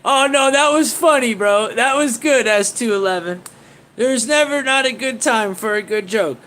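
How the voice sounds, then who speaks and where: A man's voice: very high voice, normal speed, fairly bright tone, slight background noise. A man hosting a casual livestream, rambling and swearing as he reacts to viewer comments and laughs often. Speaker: livestream host.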